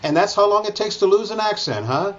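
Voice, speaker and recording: Male host, playful and teasing, high and very lively voice, muffled lo-fi recording. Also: fairly quick. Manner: joking, teasing. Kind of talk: casual interview.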